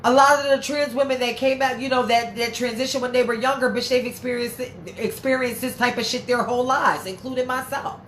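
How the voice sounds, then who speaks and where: Brief: woman host, heated and profane, slightly high voice, echoey room with light background noise. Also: fairly even intonation, brisk, hardly any pauses, a bit bright. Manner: blunt and profane, heated and emphatic. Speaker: livestream host reading viewer comments. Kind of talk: casual livestream talk.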